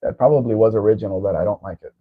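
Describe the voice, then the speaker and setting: A man's voice: on the low side, very fast, narrow, tinny audio. A man hosting a casual live-stream chat, talking in a rambling, wry way about old cars. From Southern California. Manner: rambling, chatty car talk with wry asides. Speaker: show host.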